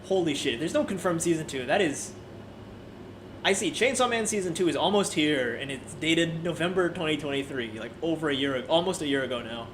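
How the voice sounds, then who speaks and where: High-voiced man ranting casually. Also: fast, a little hiss or hum. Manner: animated, profane, frequent restarts. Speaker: anime video creator.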